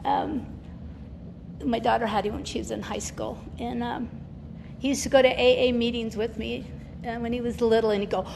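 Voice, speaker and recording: A woman's voice: on the high side, steady tone, moderate pace, vocal fry. An older woman giving a candid, emotional personal testimony as a guest speaker at a recovery meeting, laughing often and acting out the voices of people she quotes. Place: meeting hall. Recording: reverberant hall with faint noise.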